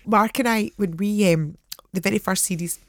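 A Scottish woman around fifty, a guest telling lively stories in casual chat and laughing often. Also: mid-range voice, moderate pace, no echo, studio quality.

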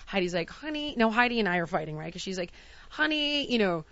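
A woman hosting a casual talk show speaks very fast, with a lo-fi sound and no room sound. She recounts a travel mishap, acting out every quote with big pitch jumps and shouts.

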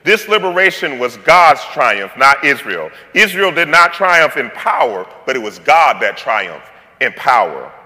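Man, pastor, sermon, very bright voice, conversational and playful, long hall reverb. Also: medium pitch, sing-song, measured pace. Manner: playful, conversational preaching with slang and asides.

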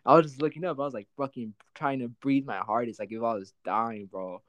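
A young man telling a childhood story in quick, casual, profane slang full of fillers. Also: medium pitch, steady tone, no echo.

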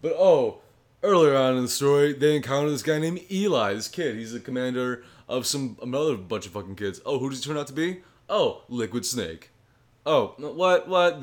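A man co-hosting a podcast, with a low voice, recapping a story in a rambling, profane casual chat. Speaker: podcast co-host.

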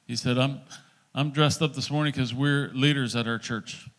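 A middle-aged male pastor telling a story in a sermon, acting out the dialogue in an animated preaching voice. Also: mid-range voice, moderate pace.

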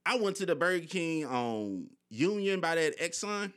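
A man's voice: on the high side, sing-song, moderate pace, a bit bright. A young man hosting a podcast, telling personal stories candidly in casual slang with frequent swearing. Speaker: podcast host. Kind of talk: casual conversation.

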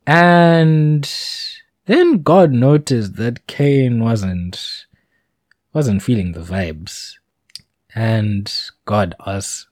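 A man's voice: medium pitch, extremely slow, long pauses, a little mellow, no room sound, clean studio sound. A man giving a casual, meandering monologue with informal asides. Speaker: solo talker.

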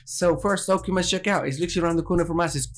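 A man's voice: high-pitched, racing, noisy background. A man hosting a casual radio segment in a studio, chatty and playful, rambling at times. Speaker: radio host.

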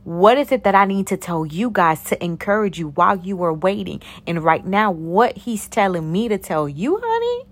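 A young woman giving a casual, preachy talk of faith encouragement to her viewers, animated and calling them honey and sugar plum. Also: on the low side, normal speed, few pauses. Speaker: faith-based encourager and YouTuber.

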